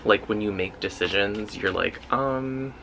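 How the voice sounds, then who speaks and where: A man talking through a tarot reading in a relaxed, intuitive way, with lots of "like" fillers. His voice sits a bit low but has a bright, tense edge. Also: moderate pace, slight background noise, poor audio. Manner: loose and intuitive, heavy use of "like" fillers. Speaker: tarot reader. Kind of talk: casual pick-a-card tarot reading.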